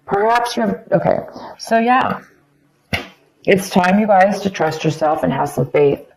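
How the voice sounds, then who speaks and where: A woman's voice: mid-range voice, animated, measured pace, creaky, rough recording. A woman giving a casual tarot reading, rambling and repeating phrases with many ums, saying she is losing her voice. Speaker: tarot reader.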